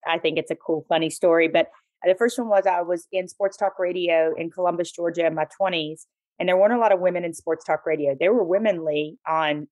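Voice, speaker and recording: A woman tells her stories with lots of animation. Her voice sits a little low for a woman. The sound is dry and close. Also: no room sound. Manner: animated, expressive storyteller. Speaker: podcast guest, former sportscaster. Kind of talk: casual storytelling interview.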